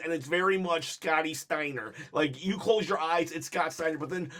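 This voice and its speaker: A man with a notably high-pitched voice hosts a wrestling video show in loose, casual commentary. He talks in an animated, excitable way, scattering fillers through his sentences and often breaking into laughter. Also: moderate pace, hardly any pauses. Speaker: wrestling vlog host.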